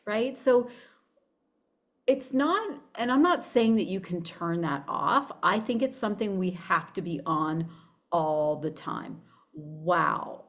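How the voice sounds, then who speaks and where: A woman's voice: medium pitch, dull audio. A woman coach talking animatedly in an interview, acting out her own inner voice and often restarting sentences. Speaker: guest, body-image coach. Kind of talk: conversational interview.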